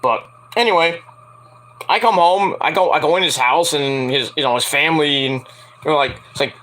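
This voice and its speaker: A young man casually reviewing a wrestling show, rambling and swearing, acting out quotes in high voices. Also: normal speed, sharp tone. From Antiguan and Jamaican family. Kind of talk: casual solo review chat.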